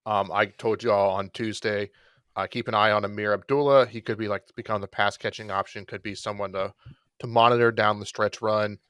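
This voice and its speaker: Podcast co-host, man, casual rambling delivery with a low voice, dry close mic. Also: brisk, clean tone, no room sound. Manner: relaxed, rambling, with self-deprecating jokes. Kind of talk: casual fantasy football chat.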